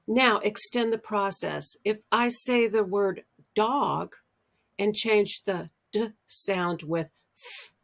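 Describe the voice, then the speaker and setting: Middle-aged American woman, literacy educator, unhurried delivery with a gravelly edge, stretches example words clearly. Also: medium pitch. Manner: slow, deliberate, drawn-out example words. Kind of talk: instructional explainer.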